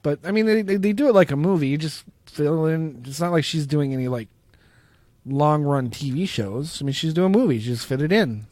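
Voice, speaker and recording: A man's voice: a little high, fairly quick, a little mellow, dry recording. A man co-hosting a podcast in casual chat, laid-back and self-deprecating. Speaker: podcast co-host.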